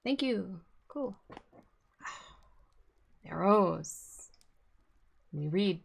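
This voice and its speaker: A woman's voice: medium pitch, expressive, very slow, gravelly, long pauses, breathy edge. A woman streaming live, chatting casually, swearing freely and scolding her cat.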